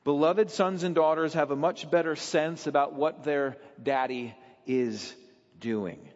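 Man preaching, high voice, emphatic delivery, dull lo-fi sound, long reverb. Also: unhurried. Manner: emphatic, with sudden drops in pitch and volume. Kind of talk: sermon.

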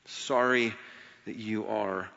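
A man voicing Jesus as calm, hesitant and apologetic. The recording is dull, with long hall reverb. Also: a little high, moderate pace, pitched below the performer's own voice. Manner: hesitant, shrugging, soft-spoken.

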